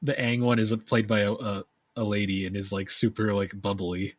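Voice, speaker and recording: A young man co-hosting a podcast, telling stories in a rambling, animated way. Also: fairly low pitch, normal speed, dry recording. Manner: rambling, animated storytelling with laughs. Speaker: podcast co-host. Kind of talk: casual chat.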